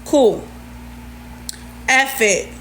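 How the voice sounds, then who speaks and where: A middle-aged woman with a fairly high voice, talking indignantly and sarcastically into her phone on a live stream. She reads out messages and fires back at them. A faint noise sits under her voice. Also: drawn-out words. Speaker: livestreamer. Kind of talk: heated TikTok live rant.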